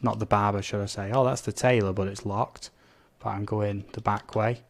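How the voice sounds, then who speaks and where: A man's voice: on the low side, fairly even intonation, moderate pace, creaky. Chatty man streaming a game. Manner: chatty, reads out viewer comments, blurts game sound effects. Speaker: gaming live streamer. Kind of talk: casual live-stream gameplay commentary.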